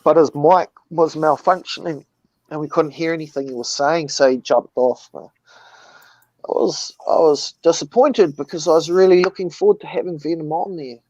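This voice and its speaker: A man's voice: a little high, normal speed, darkish tone, no room sound. A man rambling through a funny story in casual chat, swearing as he goes.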